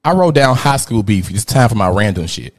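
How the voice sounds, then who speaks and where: A man, a podcast host telling a rowdy, profane story in casual chat, jumping between loud outbursts and muttered asides. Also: on the low side, big pitch swings, fairly quick. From Memphis, USA. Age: 30s.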